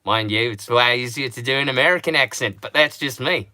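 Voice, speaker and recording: A man's voice: medium pitch, normal speed, pushed and bright, no room sound, studio quality, voice pushed down, close to an everyday voice. A man putting on an Australian accent while rambling on a live stream. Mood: amused.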